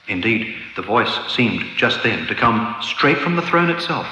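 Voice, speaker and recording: A man narrating a storybook reading with expressive, lilting delivery, recorded in an echoey room with long reverb. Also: fairly low pitch, measured pace, few pauses.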